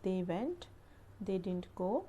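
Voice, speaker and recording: A woman's voice: mid-range voice, sing-song, takes it slowly, dark tone, husky. A woman teaching English grammar, reading out rules and verb lists as careful drills. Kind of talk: slow grammar lesson narration.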